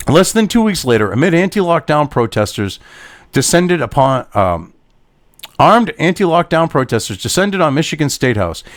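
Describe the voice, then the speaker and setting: A man with a fairly high pitch and big swings in intonation hosts a political commentary show, taking his time as he reads an article and rants angrily at it with profane, sarcastic insults. There's no echo on the recording.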